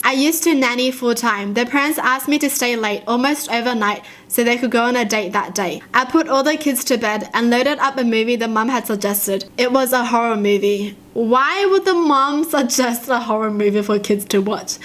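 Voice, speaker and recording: Chatty woman reading stories out and reacting, kinda high voice, expressive. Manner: expressive, chatty, quick to comment. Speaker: reaction channel host.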